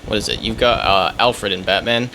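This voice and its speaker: A man's voice: on the low side, bright, forceful tone, slight background noise. A young man co-hosting a let's play, chatting casually, rambling and restarting his sentences. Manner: fast, rambling, stumbles and restarts often. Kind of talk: casual gaming chat.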